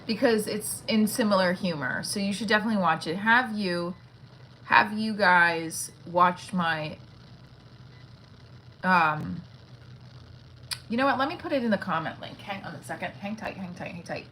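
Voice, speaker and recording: A woman's voice: mid-range voice, moderate pace, pauses often, sharp tone, slight background noise, low-quality recording. A woman comedian chatting frankly on a phone livestream from home, rambling and swearing casually. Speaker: stand-up comedian.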